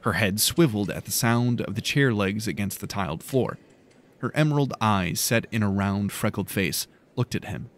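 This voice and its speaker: A man reading a fantasy audiobook in calm, measured narration. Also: fairly low pitch.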